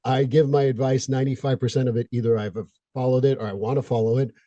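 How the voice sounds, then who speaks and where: A man's voice: mid-range voice, steady tone, fast talker, mellow, dry recording, lo-fi sound. A man hosting an interview podcast, a therapist who talks bluntly and jokes around, pushing for real talk. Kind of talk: casual interview chat.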